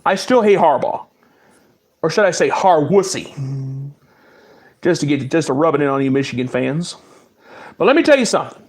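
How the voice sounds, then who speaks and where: A man's voice: fairly high pitch, very animated, quick pace. A man hosting his own sports podcast, taunting and repeating himself in a fiery solo rant. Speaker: podcast host.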